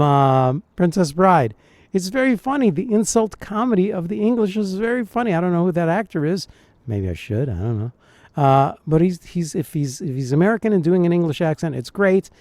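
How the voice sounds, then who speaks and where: A man, a dialect coach, reacting to film clips and thinking aloud in a puzzled, animated way. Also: high voice, dry recording. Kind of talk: reaction commentary.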